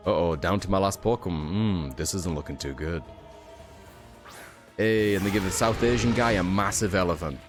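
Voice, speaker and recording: Guy streaming a game, kinda low voice, sleepy rambly chat, bit of music in the back. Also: moderate pace. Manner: rambling, filler-heavy, swears casually. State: tired. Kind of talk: casual gameplay commentary.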